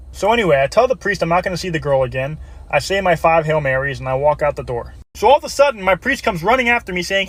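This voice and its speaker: Fast-talking man telling a joke story. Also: a little high, dry recording. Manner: animated joke telling with voiced quotes. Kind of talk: comic storytime monologue.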